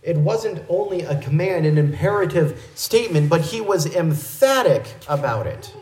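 A fairly high-voiced man preaching a verse-by-verse sermon. He explains carefully in a measured, teaching way. His voice rings around a roomy, echoing space. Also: lively intonation, a little mellow. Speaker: pastor. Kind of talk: expository sermon.

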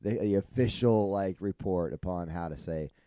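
A man's voice: low-pitched, normal speed, mellow, dry recording. A man co-hosting a podcast in casual chat, often stopping and restarting his sentences. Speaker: podcast co-host.

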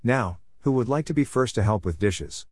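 A man's voice: medium pitch, animated, moderate pace, a little mellow, no room sound, studio quality, lightly acted. A man reading a story, voicing a patient but firm grandmother on a camping trip.

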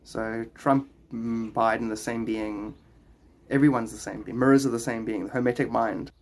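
A man's voice: medium pitch, steady tone, normal speed, a little mellow, slight background noise. A man hosting a live stream, answering viewer questions in a rambling, playful spiritual chat and laughing often.

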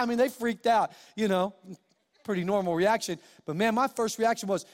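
A man's voice: very high voice, moderate pace. A male pastor preaching a sermon, pleading and repeating phrases with passion. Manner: impassioned, repetitive pleading. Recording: long hall reverb.

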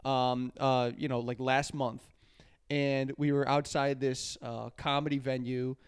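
Smooth dry-voiced young man telling stories. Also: mid-range voice, flat delivery, measured pace, dry recording. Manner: storytelling, laughs through his lines. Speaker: podcast co-host and stand-up comedian. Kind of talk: casual chat.

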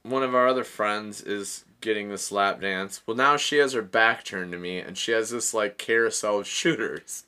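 Man, 30s, casual storyteller, lowish pitch, bright forceful tone, laughs a lot. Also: moderate pace, clear, resonant tone. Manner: laughing, animated, swears often.

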